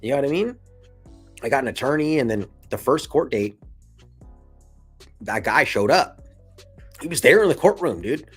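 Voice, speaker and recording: A man's voice: medium pitch, lively intonation, moderate pace, long pauses, fairly bright tone, breathy edge, soft background music. A man in his thirties casually telling a personal story straight to camera, full of slang and swearing, with laughs between lines. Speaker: vlogger.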